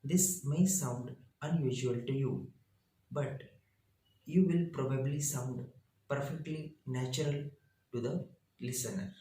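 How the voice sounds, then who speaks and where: A man, a teacher reading his lesson out slowly in short, halting phrases. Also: mid-range voice, dark tone, reverberant, low-quality recording. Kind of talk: reading lesson slides aloud.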